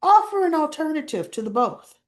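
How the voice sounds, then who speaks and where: A woman recapping soap opera scenes in a casual way, retelling the dialogue and adding her own opinions, often clearing her throat. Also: high-pitched, big pitch swings. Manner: slow, unhurried delivery with frequent throat clearing.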